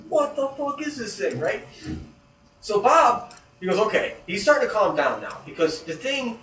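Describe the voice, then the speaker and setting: A man spins a spooky tale in casual talk, swearing freely. His pitch runs high and leaps around as he acts out frightened moments. The sound is roomy and distant, with faint noise behind him. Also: normal speed. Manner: profane, animated storyteller who acts out scared reactions. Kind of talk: casual storytelling. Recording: echoey room heard from a distance.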